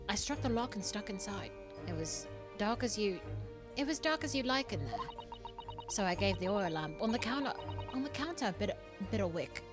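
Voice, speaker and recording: A woman's voice: mid-range voice, lively intonation, normal speed, over music, natural voice. A woman putting on a scrappy cockney street girl. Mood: nervous. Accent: put-on London cockney.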